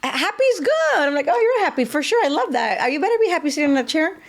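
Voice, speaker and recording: Woman host, high bright voice, casual and encouraging. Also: sing-song, fast talker. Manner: encouraging, reacting to the guest. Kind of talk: casual interview chat.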